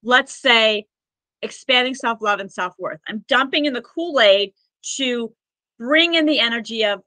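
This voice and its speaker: Bright-voiced woman healer on a podcast. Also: a little high, measured pace, no room sound, low-quality recording. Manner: rambling and earnest, with many "like" fillers and restarts. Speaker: Akashic records practitioner and healer, podcast guest. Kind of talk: conversational podcast storytelling.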